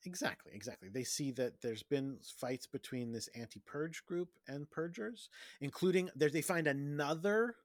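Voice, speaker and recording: A man co-hosting a casual podcast, recapping a film and acting out the characters' lines in quick voices. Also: on the high side, animated, no room sound, clean studio sound. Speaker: podcast co-host. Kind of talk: casual movie recap chat.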